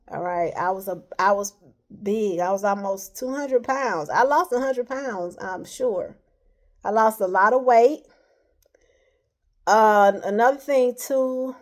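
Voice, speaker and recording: A woman with a slightly higher voice talks straight to camera in a loose, rambling monologue. She keeps pressing her points earnestly and checks in with a steady "all right" as she goes. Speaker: vlogger.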